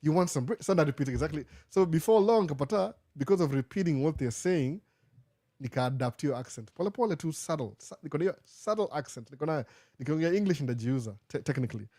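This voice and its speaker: A man's voice: a little high, animated, fast, warm tone, dry recording, clean studio sound. A man from Kenya, hosting a casual live Q&A, answering viewer questions and slipping Swahili phrases into his English. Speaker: host.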